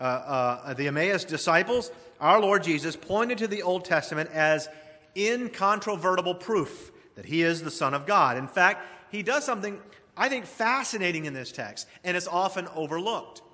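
Emphatic preacher in a reverberant hall. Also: male voice, on the high side, sharp tone. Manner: emphatic, addresses congregation directly. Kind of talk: expository sermon with scripture reading. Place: church sanctuary. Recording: long reverb of a church hall.

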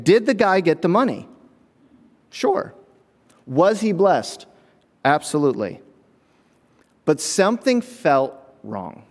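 A man preaching a storytelling sermon in a large hall, his voice ringing with a long reverb. His pitch sits a little high and swings a lot as he acts out the people in his story. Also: darkish tone.

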